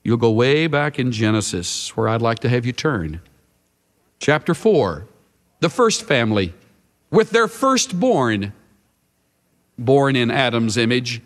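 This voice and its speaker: A man's voice: fairly high pitch, sing-song, measured pace, long pauses, fairly bright tone, long reverb tail. A man preaching a sermon as a Bible teacher, emphatic with dramatic shifts of emphasis.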